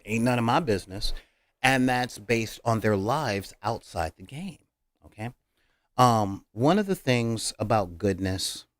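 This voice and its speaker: A man hosting a casual talk about tabletop roleplaying as a game master, speaking earnestly with many hesitations and fillers. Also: fairly low pitch.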